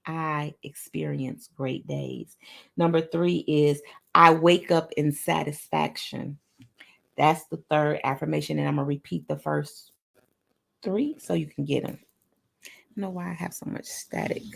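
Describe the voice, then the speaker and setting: A woman's voice: sits low, steady tone, normal speed, vocal fry. A woman hosting a motivational affirmation session, speaking emphatically and repeating each affirmation aloud, with playful sing-song bursts. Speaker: motivational talk show host.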